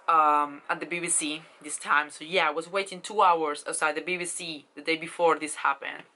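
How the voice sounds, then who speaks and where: A woman in her twenties telling a story in a casual vlog, excited and gushing, with lots of fillers and swearing. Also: low voice, low-quality recording. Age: 20s. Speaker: vlogger.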